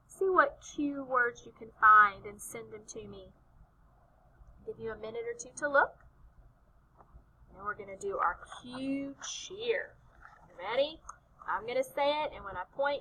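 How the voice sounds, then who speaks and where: A woman teaching an alphabet lesson to small children, slow and sing-song with lots of encouragement. Her voice is high and lively, with a very bright tone. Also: slight background noise, rough recording. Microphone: home recording.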